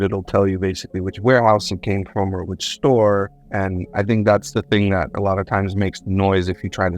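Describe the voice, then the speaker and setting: Man, low voice, casual storyteller who trips over his words, faint music underneath. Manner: rambling, self-correcting, repeats words. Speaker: guest, government contractor. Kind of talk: conversational storytelling.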